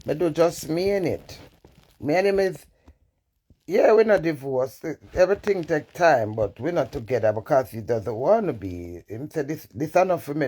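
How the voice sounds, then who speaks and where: A woman's voice: deep voice, mellow. Blunt, foul-mouthed Jamaican woman. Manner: blunt, profane, swings between defiant and emotional. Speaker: social media personality. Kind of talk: candid live-stream rant.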